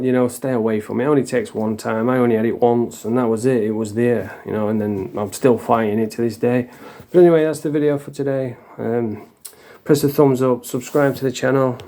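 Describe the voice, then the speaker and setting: The medium-pitched, dark voice belongs to a middle-aged English vlogger. He shares a personal story in casual storytelling fashion, sweary, blunt, and confessional.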